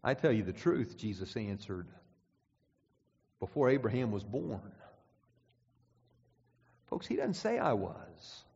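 A man's voice: fairly low pitch, sing-song, slow pace, creaky, long pauses, darkish tone, breathy edge. A man preaching a sermon, reading scripture aloud and pressing his points with emphatic, rising and falling delivery. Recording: dull sound with long hall reverb.

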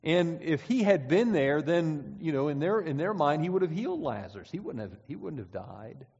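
A man's voice: on the high side, very animated, moderate pace, a little mellow, breathy edge. A man preaching a sermon in a conversational way, often repeating words and reading scripture aloud. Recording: dull sound with long hall reverb.

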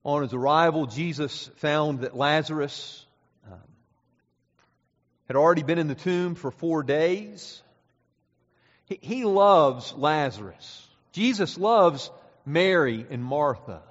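A man delivers a sermon in a church, his voice sitting slightly high for a man. He drops to hushed, slow lines and then builds to loud, urgent preaching. The sound is dull, with a long reverb from the hall. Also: animated. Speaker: pastor. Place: church sanctuary.

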